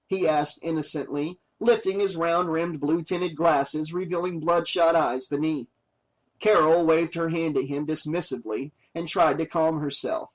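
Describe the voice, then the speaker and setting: A man reading a horror novel aloud as an audiobook narrator, steady and plain. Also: on the high side, normal speed, low-quality recording.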